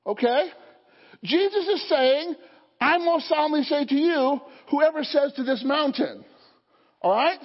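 A man's voice: very high-pitched, lively intonation, a little slow. A man preaching a sermon as pastor, leading his congregation in call-and-response and building to fervent emphasis. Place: church sanctuary. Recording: dull sound, long hall reverb.

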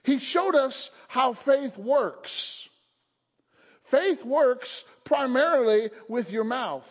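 Male pastor, very high pitch, call-and-response sermon, dull lo-fi sound with lingering church echo. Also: lively intonation, takes it slowly, slightly rough. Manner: call-and-response preaching, rising to fervent emphasis. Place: church sanctuary. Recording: dull sound, long hall reverb.

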